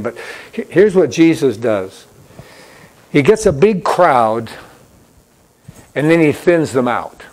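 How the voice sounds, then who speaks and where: A man's voice: mid-range voice, a little mellow. A man preaching a sermon as pastor in a church, in a conversational storytelling way that repeats key points.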